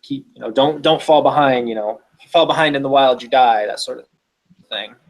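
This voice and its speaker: A man's voice: mid-range voice, a little fast. Rambling man describing his character. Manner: rambling, filler-heavy, self-interrupting. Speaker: player. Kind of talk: casual tabletop narration.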